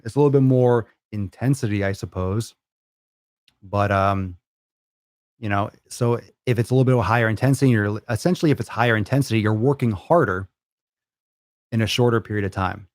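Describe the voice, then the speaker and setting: A man's voice: on the low side, darkish tone, no echo, clean studio sound. A man hosting a fitness podcast, answering listener questions in a blunt, profane, rambling way. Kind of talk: casual listener Q&A.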